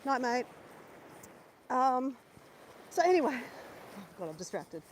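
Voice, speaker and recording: An Australian woman chatting casually to her live-stream viewers while walking outdoors, animated and swearing freely. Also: high voice, a little slow, slight background noise, low-quality recording. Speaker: vlogger. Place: outdoors near a lake and bridge.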